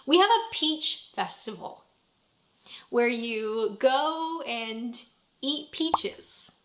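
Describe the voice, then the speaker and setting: A woman's voice: fairly high pitch, extremely slow, fairly bright tone. A woman narrating a travel vlog in a chatty, playfully humorous way. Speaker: travel vlogger.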